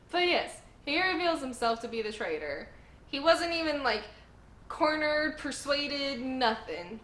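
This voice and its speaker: Excitable woman recapping in an echoey room. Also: a little high. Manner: gushing, animated, emphatic repetition. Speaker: host. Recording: echoey room with faint noise.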